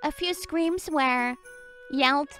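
A young woman streamer telling a story in casual chat, excitable and giggly, often repeating her words. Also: high-pitched, slow, faint music behind.

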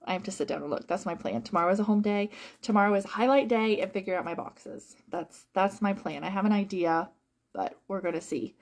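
A woman who works as a home-fragrance consultant, talking casually to viewers in a rambling, animated way with lots of fillers and repeated phrases. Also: mid-range voice, a little fast. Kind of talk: casual live-stream chat to viewers.

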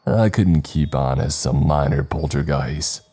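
A man voicing a demonic ghost boy with a deep, gurgling voice and coldly polite threats. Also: a little slow, dark tone, breathy edge, full character voice. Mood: smug.

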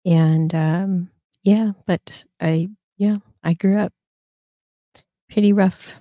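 Rambling fifty-something woman host, mellow voice. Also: on the low side, steady tone, slow, no room sound, clean studio sound. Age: 50s. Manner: rambling storyteller, many fillers and restarts. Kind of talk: casual livestream chat.

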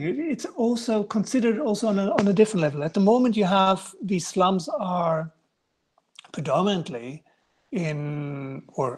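Husky-voiced male guest lecturer. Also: a little high. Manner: hesitant, many restarts and fillers. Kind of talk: answering student questions in an online lecture. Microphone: video call.

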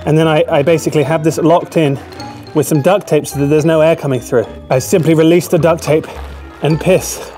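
A man in a comedic group, joking and bantering casually, sometimes bursting into shouts. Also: a little high, fairly even intonation, brisk, faint music behind.

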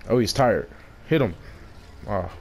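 A man giving casual, excitable commentary while playing a video game, shouting at the monster he is fighting and exclaiming often. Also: on the low side, a little slow, soft background music. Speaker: gaming streamer.

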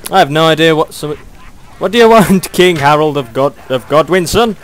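A young British man doing excitable play-by-play commentary on a video game match, chuckling often. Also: on the high side, normal speed, a little hiss or hum.

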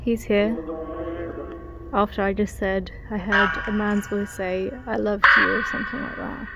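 A woman hosting a ghost hunt outdoors, talking in a curious, hushed way. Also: medium pitch, flat delivery, unhurried, dull audio, heavy background noise. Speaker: paranormal investigator host. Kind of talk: casual ghost-hunting chat.

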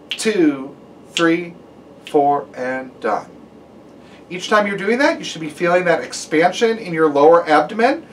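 Man, brass teacher, step-by-step instructions, counting aloud, lively pitch, slightly distant mic. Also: a little hiss or hum. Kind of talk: guided practice lesson.

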